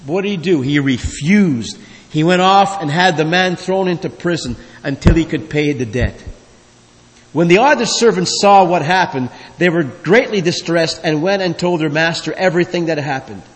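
A man's voice: a little high, normal speed. A man preaching a sermon as pastor, emphatic, with his voice swelling and dropping. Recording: long reverb of a large hall.

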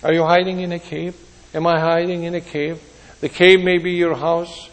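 High-voiced guy preaching slow and earnest, lots of restarts, long reverb like a big hall. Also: flat delivery. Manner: earnest, pauses and restarts, voice rises and drops. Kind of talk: sermon.

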